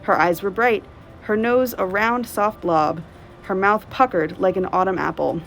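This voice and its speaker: A woman librarian reading a novel aloud in steady, clear narration. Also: mid-range voice, unhurried, slight background noise, poor audio.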